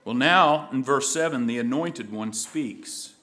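A man preaching a sermon, dramatic, moving from loud emphasis to hushed, low lines. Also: unhurried.

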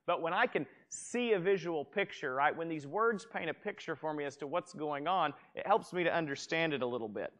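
A man's voice: a little high, brisk, few pauses. A man preaching a sermon in a church room, reading scripture aloud and acting out gasps with frequent restarts. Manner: animated, acts out gasps, restarts often. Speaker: pastor. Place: church room with a gathered congregation.

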